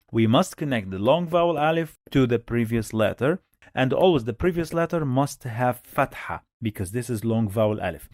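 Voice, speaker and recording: A male teacher walks learners through Quran reading very slowly. He is patient and sounds out each syllable again and again, breaking words into their parts. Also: mid-range voice, darkish tone, dry recording, clean studio sound. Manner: patient, repeats each syllable several times. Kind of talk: slow step-by-step lesson.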